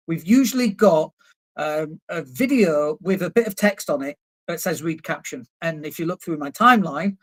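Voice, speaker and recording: A marketing coach living in Spain talks casually on a livestream from indoors at his computer. He's blunt and emphatic, swears now and then, and mocks objections in put-on voices. His voice sits high and sounds a bit bright.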